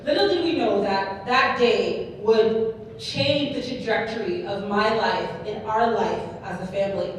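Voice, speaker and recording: A woman giving a keynote speech, telling her story in a lively way and often checking in with the audience. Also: a little high, moderate pace, slight background noise. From Canada. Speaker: keynote speaker. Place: large hall before an audience. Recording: echoey hall, mic far off.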